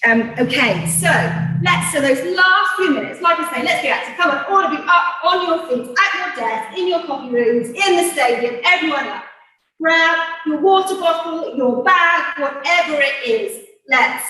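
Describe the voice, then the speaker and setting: A woman's voice: high-pitched, expressive, moderate pace, pushed and bright. A woman midwife, a bit out of breath, passionately coaching pelvic floor exercises in a gym. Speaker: midwife leading an exercise demo. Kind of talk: energetic exercise instruction talk. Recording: echoey room, far from mic.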